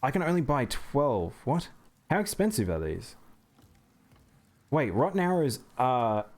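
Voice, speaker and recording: A man's voice: mid-range voice, sing-song, measured pace, darkish tone. Male streamer, mid-range voice, talks through his game and greets chat. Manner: chatty, reacts to chat and thanks viewers. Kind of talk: live gameplay commentary.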